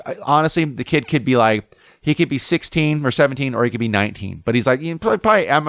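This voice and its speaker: A man's voice: on the low side, a bit bright, no echo, studio quality. A man in his thirties from Southern California, hosting a solo podcast and telling a story in a worked-up, heavily profane way. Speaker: podcast host.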